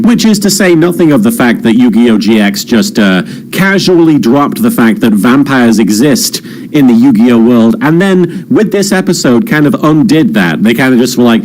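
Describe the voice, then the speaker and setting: A man's voice: medium pitch, a little mellow, rough recording. A man hosting casual reaction commentary, rambling with many fillers and restarts. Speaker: channel host.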